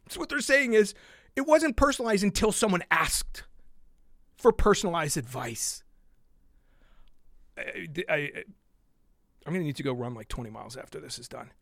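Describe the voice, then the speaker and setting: High-voiced man in an exasperated rant. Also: animated, normal speed, gravelly, long pauses, fairly bright tone, dry recording, clean studio sound. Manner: exasperated, worked up, with sighs and muttered asides. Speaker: podcast host. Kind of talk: heated solo podcast rant.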